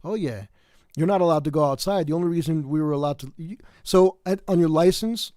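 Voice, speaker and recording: Tired New York man, livestream host; raised voice, dark mellow tone, dead-dry sound, rambling delivery. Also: fairly high pitch, fairly quick, no room sound. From South Bronx, New York. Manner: rambling, many fillers and restarts. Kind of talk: casual livestream chat.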